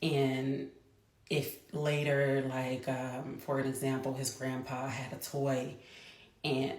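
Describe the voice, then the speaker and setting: Mom vlogger, 30s, deep for a woman, chatty and quick in bursts, roomy sound. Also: monotone. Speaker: mother. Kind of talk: casual storytelling vlog. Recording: echoey room.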